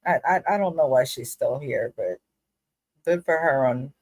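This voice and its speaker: A woman's voice: very deep voice, normal speed, darkish tone, breathy edge, no echo. A woman co-hosting a reality show recap, blunt and opinionated, cursing casually.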